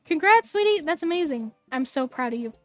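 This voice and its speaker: A woman reading the lines of a doting, upbeat father in a game, warm and encouraging. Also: high-pitched, animated, brisk. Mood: proud. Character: doting suburban single dad, upbeat.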